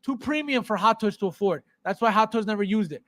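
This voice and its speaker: Fast and high-pitched, with a slightly bright, expressive tone and a dry recording, a podcast host vents at his live stream audience. On the collector's show he's heated and sarcastic, going over the same points again out of exasperation.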